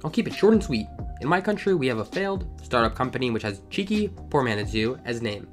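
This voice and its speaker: A man reads online stories and riffs on them with animated, ranting humor. He talks at a quick clip, and soft background music runs beneath his voice. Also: mid-range voice. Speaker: storytime channel host. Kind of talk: reading online stories with comedic commentary.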